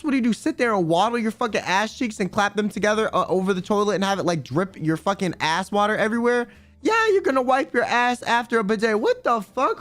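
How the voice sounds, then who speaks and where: A man's voice: high voice, a bit bright. A man streaming live, chatting casually with his viewers in a rambling, crude, joking way. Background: faint background music.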